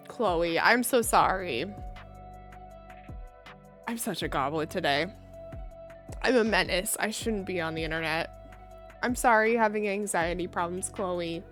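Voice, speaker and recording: A woman's voice: lowish voice, a little slow, pauses often, a bit bright, soft background music. A woman streamer chatting casually while she plays a game, giggling often and poking fun at herself. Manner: chatty, giggly, self-deprecating. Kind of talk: casual livestream chat while gaming.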